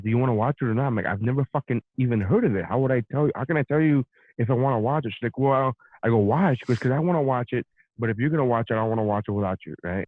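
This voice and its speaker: A man co-hosts a podcast in loose, casual chat, spinning an animated story thick with swearing. His voice comes through a thin, phone-like line, dry and close. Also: on the low side, no room sound. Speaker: podcast co-host.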